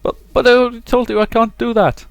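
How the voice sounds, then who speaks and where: A man's voice: on the high side, moderate pace, no echo, pitched above the performer's own voice, natural voice. A man voicing a cowardly male slave seller who stammers and whines as he begs for his life. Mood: begging. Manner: stammering, whiny.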